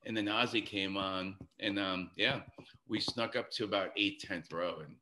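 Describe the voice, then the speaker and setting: Bright-voiced New man telling a wild story. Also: on the low side, normal speed, slight background noise. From New York City. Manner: excited, profane, rambling anecdote. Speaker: guest musician. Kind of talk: casual storytelling on a podcast.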